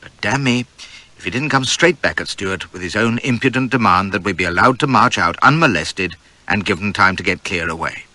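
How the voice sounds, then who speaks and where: A man's voice: fairly low pitch, a little fast, bright, forceful tone, no room sound. A man reading a novel aloud in first person, with wry, vivid, swaggering storytelling. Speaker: audiobook narrator.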